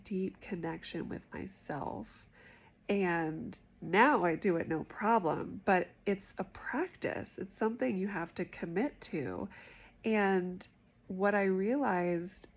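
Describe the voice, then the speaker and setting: A woman hosting a self-help talk, speaking candidly and conversationally about her own experience. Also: mid-range voice. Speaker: host.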